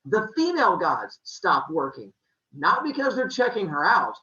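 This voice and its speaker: A man's voice: sits high, unhurried, muffled recording. A man telling a myth as a comic story in a casual, jokey way. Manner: casual, jokey, animated retelling.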